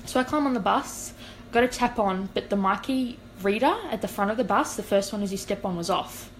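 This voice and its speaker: A woman's voice: medium pitch, a little fast, a little hiss or hum, poor audio. A young woman, a podcast co-host telling a long story in casual chat and acting out what people said. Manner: animated, acts out quoted dialogue.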